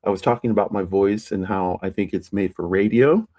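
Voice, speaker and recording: A streamer chatting alone on a casual live stream, rambling with many fillers and restarts and sometimes pushing the voice higher. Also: fairly quick, warm tone. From United States. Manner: plays with raising the pitch of the voice.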